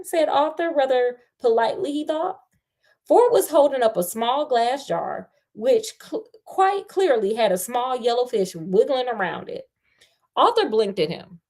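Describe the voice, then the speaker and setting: A woman with a fairly high voice reads a novel aloud at a measured pace, now and then stopping to talk back to the story with slangy asides for her listeners. Her delivery is lively and expressive, with some stumbles and restarts, giving it the feel of a casual, chatty read-aloud.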